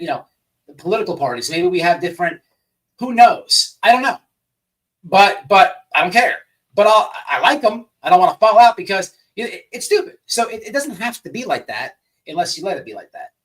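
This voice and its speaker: A man's voice: sits high, fairly quick, recorded from a distance. A man hosting a casual livestream, telling stories in a rambling, profane way and greeting people in the chat. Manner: animated, profane, rambling storyteller. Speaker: livestream host.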